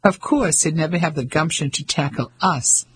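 A man's voice: on the high side, normal speed, fairly bright tone, slight background noise, lightly acted. A man voicing a pompous older English colonel, blustering and self-assured.

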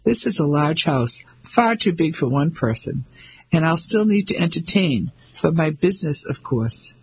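A man with a raspy voice playing a pompous, patronizing English husband in his fifties who blusters hastily. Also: a little high, lively intonation, normal speed, full character voice, low-quality recording. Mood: smooth. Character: pompous 55-year-old English banker husband.

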